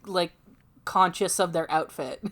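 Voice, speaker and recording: A woman's voice: on the low side, unhurried, a bit bright. Easygoing woman co-host chatting. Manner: easygoing, agreeing, short replies. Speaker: podcast co-host. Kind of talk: casual chat.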